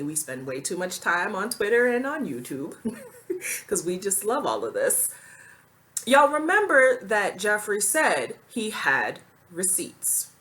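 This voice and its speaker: A woman's voice: mid-range voice, sharp tone. A woman talking straight to camera in a commentary vlog, blunt and indignant, with plenty of casual slang. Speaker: commentary vlogger.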